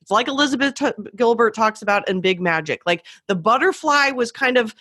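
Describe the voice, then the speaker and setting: A woman's voice: fairly high pitch, animated, a little fast, a bit bright. Middle-aged woman, podcast host at home, enthusiastic and affirming, loose rambling questions. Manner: enthusiastic, affirming, wandering phrasing. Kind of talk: casual interview chat. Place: home office.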